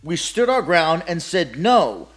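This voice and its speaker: Gaming rant voice, lively swooping pitch, profane, sarcastic, laughing, faint music behind. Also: a little slow. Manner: mocks opponents with put-on quoted voices. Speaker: gaming commentator. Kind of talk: ranting gaming commentary.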